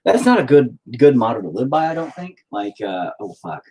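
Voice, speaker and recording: A husky-voiced man chats while he paints at home, rambling and sarcastic with a lot of swearing. His pitch swings widely as he jokes at his own expense. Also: very animated, brisk, mellow, highs cut off. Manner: rambling, sarcastic, self-mocking and profane. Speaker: painting livestream host. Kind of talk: casual chat while painting.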